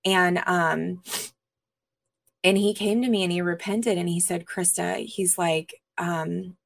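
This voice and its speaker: A woman interview guest, a minister, earnestly telling her personal testimony with pauses and frequent fillers. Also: on the low side, fairly even intonation, creaky.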